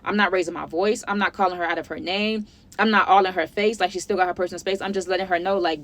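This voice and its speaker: Fast-talking sassy storyteller woman. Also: fairly low pitch. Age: 20s. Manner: sassy, chatty, animated retelling. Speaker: storytime vlogger. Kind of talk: casual storytelling to viewers.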